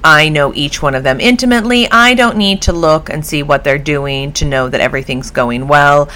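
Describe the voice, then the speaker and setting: A woman hosts her own casual solo podcast about dog behavior from home, chatting and telling stories in an animated way with laughs. Her voice is low-pitched and she speaks at a normal speed.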